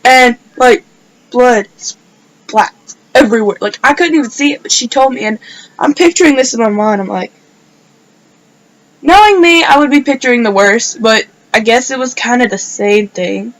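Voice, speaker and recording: A woman's voice: on the high side, moderate pace, low-quality recording. A woman telling a personal story in a casual vlog, rambling and filling her speech with "like". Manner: rambling, filler-heavy storytelling with many "like"s. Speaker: vlogger.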